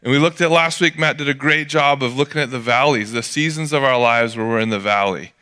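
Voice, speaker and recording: Bright, crisp-voiced casual preacher. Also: male voice, medium pitch, fairly quick. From California. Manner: casual storytelling, jokey asides. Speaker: pastor. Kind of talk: sermon.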